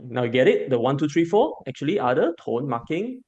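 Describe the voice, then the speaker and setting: A man teaching a beginner language class, slowly repeating sounds for students to echo. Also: a little high, big pitch swings, darkish tone, husky, highs cut off. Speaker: Mandarin teacher. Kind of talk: classroom lesson.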